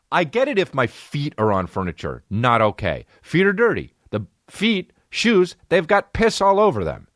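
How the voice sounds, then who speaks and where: A man in his thirties delivers a comedic podcast monologue, swearing freely and working himself up into an animated, pitch-climbing rant. The recording is close and dry, with no room around the voice. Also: dry recording. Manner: profane, ranting, rising to a high-pitched mock outrage. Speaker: podcast host.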